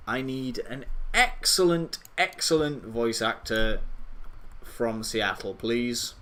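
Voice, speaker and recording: A man chatting on a live stream in an unhurried, drawn-out way. His voice is bright and sharp-edged, and he rambles, jokes at his own expense and lets sentences trail away. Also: medium pitch. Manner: rambling, self-mocking, trails off. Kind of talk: casual chat on a live stream.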